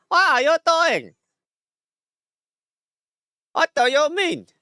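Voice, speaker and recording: A man's voice: extremely high pitch, pushed and bright, no echo, clean studio sound, voice pushed up, heavily acted. A man putting on the voice of an exasperated middle-aged Taiwanese man with a Taiwanese English accent, his voice cracking. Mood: indignant. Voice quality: voice cracks, scrunched indignant squawk.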